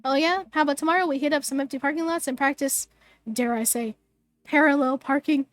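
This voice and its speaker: A woman reading the lines of a doting, upbeat father in a game, warm and encouraging. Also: high-pitched, steady tone, brisk, no echo, clean studio sound, natural voice. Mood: teasing. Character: doting suburban single dad, upbeat.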